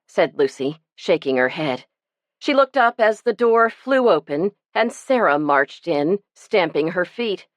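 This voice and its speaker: A woman narrating an audiobook in an expressive storytelling manner. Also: low-pitched, normal speed, dry recording. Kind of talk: scripted narration.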